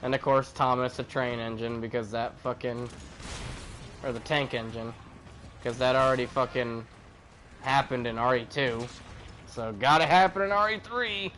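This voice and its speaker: A man chatting casually while streaming a game, animated and joking, swearing freely. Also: mid-range voice, moderate pace, slight background noise. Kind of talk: casual gaming chat.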